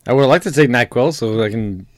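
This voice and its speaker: A man co-hosting a casual podcast while sick, his voice deeper than usual, dropping dry wisecracks. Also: a little fast, dry recording. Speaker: podcast co-host. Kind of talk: casual chat.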